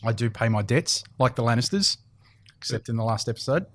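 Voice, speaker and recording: A man's voice: medium pitch, brisk. Laid-back joking man on a podcast. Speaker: podcast co-host. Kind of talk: casual podcast chat. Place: indoor golf simulator studio.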